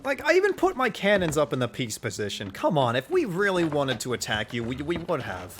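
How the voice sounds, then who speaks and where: A young man recounting a gaming mishap as casual commentary, animated and joking, with the odd swear. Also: on the high side, brisk, slight background noise. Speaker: gamer telling a story.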